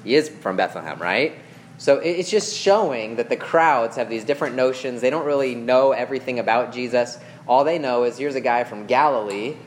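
Male preacher, mid-pitched, relaxed explainer who quizzes his listeners, faint noise behind. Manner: reads scripture aloud, then explains it; checks in with listeners with questions and "okay?". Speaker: preacher teaching a Bible passage. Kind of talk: conversational Bible teaching.

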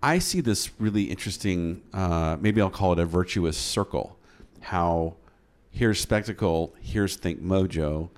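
Male interviewer and consultant, lowish pitch, upbeat and encouraging, conversational. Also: unhurried, few pauses. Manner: enthusiastic, encouraging.

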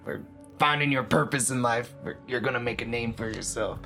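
A man playing a tabletop game, with a bright, forceful voice, cheering the others on. Faint music plays underneath. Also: mid-range voice, brisk, creaky. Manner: eager, encouraging. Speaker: player.

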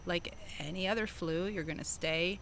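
A woman's voice: fairly low pitch, normal speed, fairly bright tone, slight background noise. A woman who works as a nurse, chatting casually with wry, joking asides. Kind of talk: casual chat.

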